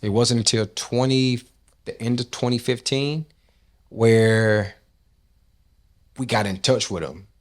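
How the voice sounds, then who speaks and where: A man's voice: medium pitch, takes it slowly, long pauses. A man from Nashville, a rap and R&B artist, telling stories from his life in a casual interview. He talks loosely, swears often and acts out what people said. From Nashville, Tennessee. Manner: loose, profane, animated storytelling with acted-out quotes.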